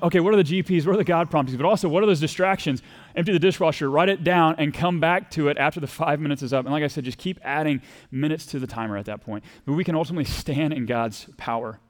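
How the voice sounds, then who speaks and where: A man with a Texas accent preaching a sermon in a conversational way, acting out quoted voices and asking the congregation questions. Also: a little high. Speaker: pastor.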